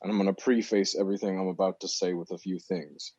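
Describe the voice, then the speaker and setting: Blunt male podcast co-host with restarts, fairly low voice, muffled dry mic. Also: fairly even intonation, fast, mellow, husky, no echo. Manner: stammering restarts, blunt and profane. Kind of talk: casual podcast chat.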